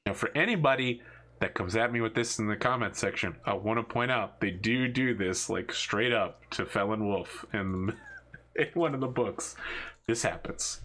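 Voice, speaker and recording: Male game master, lively storyteller, bright forward voice. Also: on the low side. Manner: animated, jokey storytelling. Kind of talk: narrating a tabletop game.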